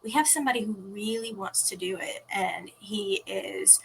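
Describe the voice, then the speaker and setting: A woman guest in a casual interview, telling lively stories from home and acting out the dialogue she quotes. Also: mid-range voice, moderate pace, creaky, a little hiss or hum. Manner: animated, acts out quoted dialogue. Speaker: interview guest, teen podcast organizer.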